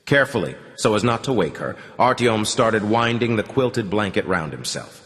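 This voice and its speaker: Brief: somber male audiobook reader; low, measured, echoing. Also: big pitch swings, a bit bright. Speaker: audiobook narrator. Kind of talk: scripted narration. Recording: long reverb.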